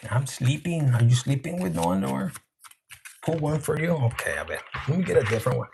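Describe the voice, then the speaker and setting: A man with a fairly high, gravelly voice hosts a casual live-stream tarot reading. He jokes crudely and chats straight to his viewers, tossing in Spanish words as he goes. A faint hiss of noise sits under his voice. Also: expressive, fairly quick. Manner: crude, joking, chatty, sprinkles Spanish words; talks to live chat viewers.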